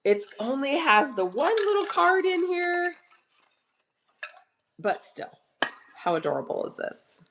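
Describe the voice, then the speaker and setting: Woman, live auction seller, casual chat, lively swinging pitch, unhurried pace, home kitchen, getting over a cough. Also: background noise. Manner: chatty, bubbly, greets viewers by name. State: recovering from a cough.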